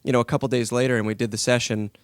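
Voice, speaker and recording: A man in his thirties spins a story as a voice actor on a panel. His voice is smooth and resonant, and the sound is close and dry. He acts out every line he quotes. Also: mid-range voice, very fast, no room sound. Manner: animated anecdote, acting out quoted lines.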